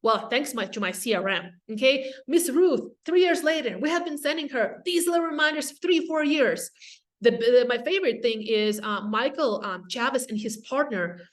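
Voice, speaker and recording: A woman from Russia with a Russian accent, giving a casual, energetic webinar talk on real estate, with quick asides to the audience. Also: sits high. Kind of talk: casual presentation.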